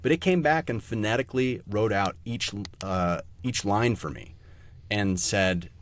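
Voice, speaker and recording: A man talking as a guest on a podcast, animated and casual, swearing freely and restarting sentences as he thinks. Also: on the low side, unhurried, slight background noise. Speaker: guest voice actor.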